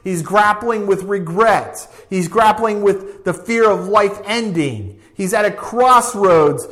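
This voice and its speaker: A man with a high voice delivers a sermon at an unhurried, deliberate pace. He leans on repetition and emphasis, reading scripture aloud and driving each point home. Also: a bit bright. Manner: emphatic, slow, repetitive preaching cadence. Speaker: pastor.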